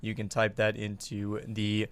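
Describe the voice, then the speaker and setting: A man's voice: lowish voice, monotone, a little slow, fairly bright tone, clean tone. A man working as producer on a live show, patiently and cheerfully calling on listeners. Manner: patient, upbeat, repeats prompts. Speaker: show producer taking callers. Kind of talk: live call-in moderation.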